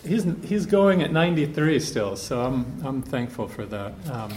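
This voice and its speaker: A priest speaks to a gathered group in a room that rings with echo, a faint hum under him. His manner is loose and anecdotal, as if thinking aloud, his pitch sitting at an ordinary middle. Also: big pitch swings, moderate pace, darkish tone. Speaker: priest giving a conference talk. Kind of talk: conversational retreat talk to a group.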